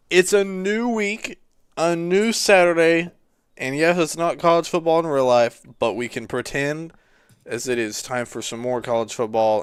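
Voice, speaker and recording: Heard in a dry recording, a man with a lowish, clean voice offers casual gameplay commentary. He's tired and yawning, musing aloud as he clicks through menus for his YouTube channel.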